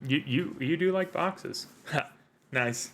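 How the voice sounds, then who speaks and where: A man's voice: fairly high pitch, slow, fairly bright tone. A man hosting a live tabletop role-playing stream as game master, joking and rambling with fillers.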